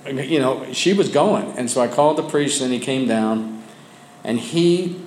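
Man giving halting testimony in an echoey room. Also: mid-range voice, darkish tone, slight background noise. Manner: candid, halting storytelling with many restarts. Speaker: member sharing his story at a support group. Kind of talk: personal testimony. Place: meeting room with a group of men. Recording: echoey room with faint ambience.

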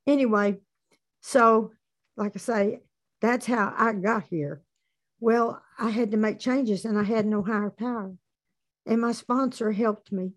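A woman giving a personal testimony at a recovery meeting, telling her story plainly with dark humor. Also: a little high, measured pace.

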